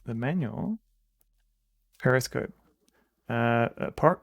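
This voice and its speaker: A man's voice: mid-range voice, lively intonation, takes it slowly, no room sound. A man streaming a computer game, thinking aloud hesitantly and reading the game's text out. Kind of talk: casual gameplay commentary.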